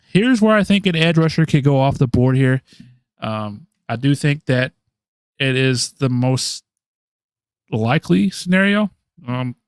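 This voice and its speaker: A podcast co-host talks through draft picks in a casual chat, thinking aloud with lots of ums and restarts. His voice is medium-pitched, and the recording is dry with clean studio sound.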